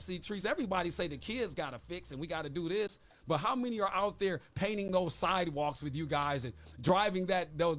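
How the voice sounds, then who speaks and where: A man's voice: high voice, a bit bright. A man co-hosting a morning radio talk show, arguing his point with emphatic rhetorical questions. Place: radio studio.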